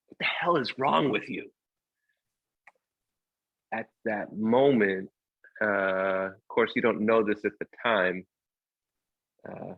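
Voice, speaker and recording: A man with a fairly low voice tells a personal story, halting and full of fillers and restarts. The sound is dry and a little muffled, as from a played clip. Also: no echo. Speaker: guest storyteller.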